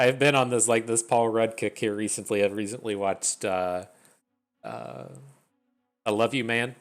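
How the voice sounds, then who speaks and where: A man giving casual, rambling commentary on his own card game match, often restarting sentences and mocking his own misplays. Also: on the low side. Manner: rambling, self-deprecating, stammers and restarts. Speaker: gaming streamer.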